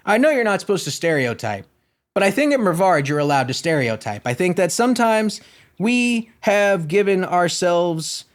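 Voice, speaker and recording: A man from Florida hosting a podcast, ranting in a profane, sarcastic, rambling comedic style. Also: sits high. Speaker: podcast host. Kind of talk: comedic rant.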